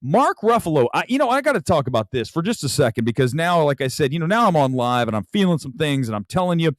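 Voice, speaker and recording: A man's voice: on the high side, very animated, fast, no room sound. A man hosting a live late-night movie talk show from home, ranting furiously and emphatically. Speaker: film critic host.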